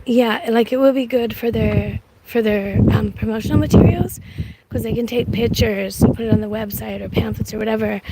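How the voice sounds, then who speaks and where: High-voiced woman rambling outdoors. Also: steady tone. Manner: rambling and halting, full of restarts. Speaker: livestreamer. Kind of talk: casual live-stream chat. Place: outdoors on a windy street. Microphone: phone livestream, audio only. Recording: loud wind and street noise.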